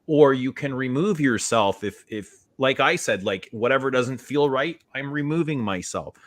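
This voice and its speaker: A man's voice: medium pitch, lively intonation, normal speed. A man in a casual online chat, speaking in an earnest, matter-of-fact way.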